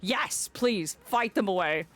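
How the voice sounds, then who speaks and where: Lively theatrical woman streamer. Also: mid-range voice, takes it slowly. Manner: theatrical, greets chatters fondly as "my dear". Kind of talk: live-stream chat in a fae persona.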